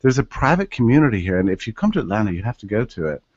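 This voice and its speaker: A man's voice: lowish voice, rapid-fire, muffled recording, a little hiss or hum. A man telling a story as a podcast guest, acting out the voices of the people he quotes. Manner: animated, acts out quoted voices.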